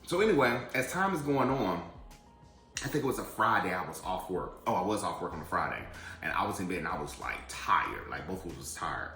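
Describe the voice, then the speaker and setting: A vlogger from the Atlanta area, USA, tells a rambling personal story while eating, talking directly to viewers in a chatty, digressive way. His low voice is expressive, bright and forceful, a little fast, in an echoey room with faint background music.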